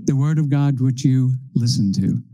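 A man preaching a sermon, working through numbered points in a slow, measured way. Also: medium pitch, dark tone, low-quality recording.

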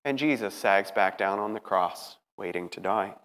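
A man's voice: on the low side, moderate pace. Emphatic male preacher in a reverberant hall. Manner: emphatic, swings from hushed to rising. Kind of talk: dramatic sermon storytelling.

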